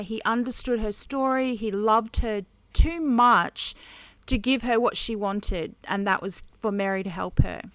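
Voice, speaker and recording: A woman teaching a devotional Bible lesson on camera while she colors, earnest and halting, with many restarts. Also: fairly high pitch, no echo. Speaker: conference speaker teaching Bible journaling.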